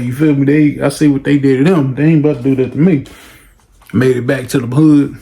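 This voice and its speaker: A young man from Los Angeles telling a story casually in a slangy, animated way, acting out every voice. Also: on the high side, fairly quick, creaky. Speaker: vlogger.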